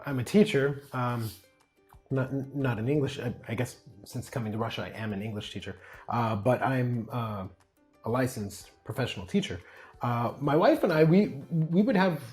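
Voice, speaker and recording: A man's voice: mid-range voice, animated, moderate pace, darkish tone, faint music behind. An American man chatting as an interview guest, rambling with many fillers and restarts. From United States. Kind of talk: casual interview chat.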